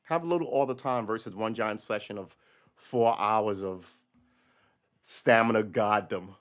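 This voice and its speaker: This retired police officer, middle-aged, runs a laid-back livestream in a fairly low, slightly bright voice that moves a little slowly. He swears freely, talks bluntly, laughs a lot and frequently starts over.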